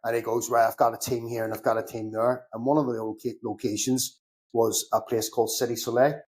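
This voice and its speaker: A man's voice: medium pitch, a little fast. Middle-aged Belfast man, podcast guest, casual storyteller who voices both sides of the dialogue and swears freely. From Northern Ireland. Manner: animated anecdotes, acts out both sides of conversations, swears casually. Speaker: podcast guest, security consultant.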